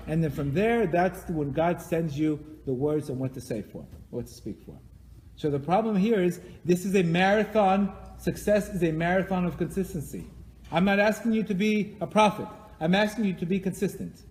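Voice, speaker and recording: The recording carries a long hall echo from a synagogue or class hall. Speaking in a high-pitched, slightly mellow voice, this man leads a live weekly class on religion, emphatic and repetitive, dramatizing each quoted prayer.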